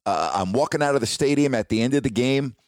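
A sportscaster telling a personal career story in a casual, animated, ad-libbed way. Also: male voice, mid-range voice, fast talker, dry recording, studio quality. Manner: casual, animated retelling with ad-lib restarts.

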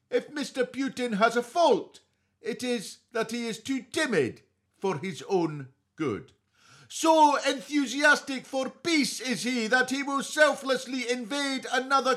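A man doing a comic impression of a pompous older male political pundit, declaiming slowly and grandly. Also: extremely high pitch, expressive, fairly bright tone, pitched above the performer's own voice, full character voice.

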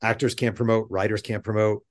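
A middle-aged man, a guest author on a podcast, chatting casually and telling animated stories with rambling asides. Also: on the low side, fairly quick. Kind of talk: casual interview chat.

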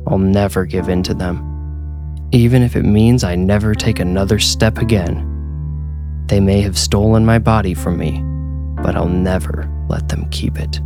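A man narrating a first-person horror story as podcast host, measured and grave. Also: low-pitched.

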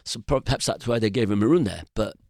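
A man's voice: fairly low pitch, expressive, fast talker, vocal fry, darkish tone, no room sound, studio quality. An older English man telling loose, rambling anecdotes as a podcast guest. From England. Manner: rambling anecdotal storyteller, frequent restarts. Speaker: guest musician. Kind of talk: casual storytelling interview.

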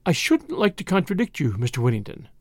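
A man reading an audiobook, voicing a clever young woman who answers with sweet, poised, teasing calm. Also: high voice, a little fast, dry recording, clean studio sound. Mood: sweetly poised. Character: clever, cheeky young woman, coolly bluffing.

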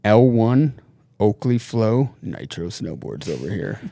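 A man from Norway and the United States, a podcast guest telling stories in casual chat, animated, laughing often and swearing freely. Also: lowish voice, slow pace, vocal fry, no room sound.

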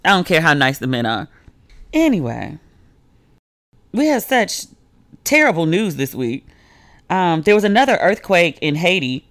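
A woman hosting a casual solo podcast, telling stories in a chatty way with lots of "like" and lively quoted voices. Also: a little slow, long pauses, dry recording. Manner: chatty storytelling, heavy use of "like", swings pitch when quoting people. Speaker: podcast host.

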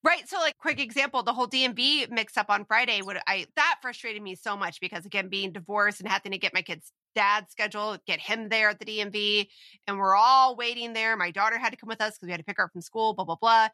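Bright chatty mom co-hosting a podcast. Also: female voice, medium pitch, fast, dry recording. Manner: chatty, storytelling with self-mocking asides. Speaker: podcast co-host. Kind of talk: casual parenting chat.

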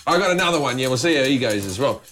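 Middle-aged Australian man, wry storyteller, mid-pitched, faint noise under him. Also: expressive, a bit bright. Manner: wry, storytelling, quick to laugh. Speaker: guest comedian. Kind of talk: casual chat.

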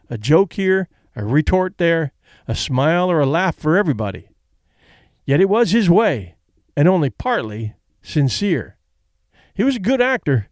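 A man reads a story aloud and shifts into voices for each character. His voice sits fairly high and moves through wide, lively rises and falls. The recording is dry and close. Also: dry recording. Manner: expressive, doing voices for the characters.

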